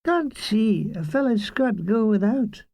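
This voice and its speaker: A man's voice: sits high, lively intonation, slow, vocal fry, darkish tone, pitched above the performer's own voice, full character voice. Man putting on a flirty Scottish lass. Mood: friendly. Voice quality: broad lilting brogue.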